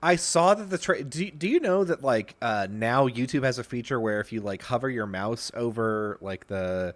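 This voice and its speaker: A man's voice: medium pitch, lively intonation, normal speed, no room sound. A young man co-hosting a podcast, joking in casual chat with many hesitations. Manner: hesitant, lots of fillers, joking. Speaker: podcast co-host.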